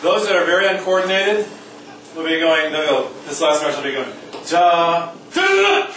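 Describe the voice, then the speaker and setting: Guy teaching music to a class, kinda high voice, big echoey room, mic way off. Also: brisk, recorded from a distance, background noise. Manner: joking, coaxing, sings rhythm syllables. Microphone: far from the mic. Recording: echoey room recorded from afar.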